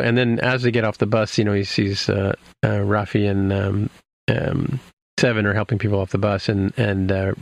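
A man's voice: on the low side, creaky, no echo. A man casually recapping an episode for his podcast co-hosts, rambling with many fillers and restarts. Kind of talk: casual chat.

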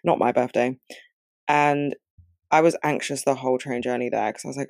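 A man who has just woken up, his voice rough and scratchy, chatting candidly to his viewers about his week. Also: medium pitch, moderate pace, no echo, clean studio sound. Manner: candid, confessional, chatty with "like" fillers. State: groggy, just woke up. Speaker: vlogger. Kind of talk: casual chat to camera.

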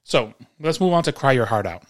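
A man of ordinary pitch co-hosts a casual podcast from his home. He rambles through anecdotes and opinions, stumbling over repeated words and pausing to clear his throat. His tone stays relaxed and conversational throughout. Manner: rambling storyteller with frequent restarts and throat clearing. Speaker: podcast co-host. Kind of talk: casual chat.

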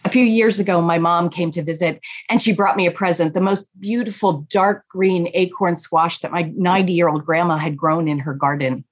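A woman with a somewhat low, husky voice tells a family story. Her telling is unhurried and reflective. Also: fairly even intonation. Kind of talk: personal story told to an audience.

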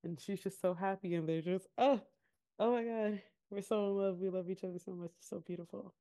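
A woman's voice: medium pitch, a little fast. A woman co-hosting a podcast, casually recapping a reality show and acting out what people said, laughing often. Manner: animated storytelling, acting out quotes with laughter. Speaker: podcast co-host.

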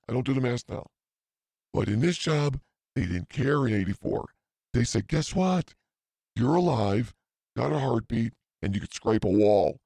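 A man's voice: mid-range voice, vocal fry, a little mellow, no room sound. A man in his fifties hosting a podcast, telling a rambling story in a profane, self-mocking way, full of asides. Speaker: podcast host.

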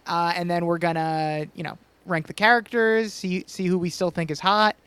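A man's voice: high voice, fairly even intonation, normal speed, fairly bright tone, clear, resonant tone, no room sound. A man in his twenties co-hosting a podcast, talking casually in a jokey, chatty way. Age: 20s. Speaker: podcast co-host.

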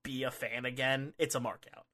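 A man chatting on a podcast with a bright, forceful edge to his voice. He rambles excitedly, stumbles over his words and fills pauses with ums and likes. His voice sits at an ordinary pitch for a man and comes across close to the microphone. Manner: excitable, rambling with many fillers. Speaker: podcast co-host. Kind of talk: casual chat. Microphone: studio microphone.

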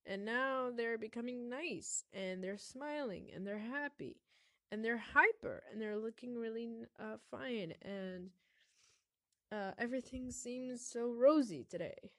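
A woman hosting a solo podcast, talking reflectively with many pauses and fillers while her voice is sick. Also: on the high side, a bit bright, no room sound. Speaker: podcast host.

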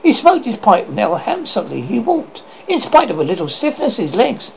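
A man's voice: high voice, wildly swooping pitch, normal speed, creaky. A man reading a classic tale aloud as a horror host, stumbling and correcting himself as he goes, on a dull lo-fi recording with faint noise. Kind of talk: story reading.

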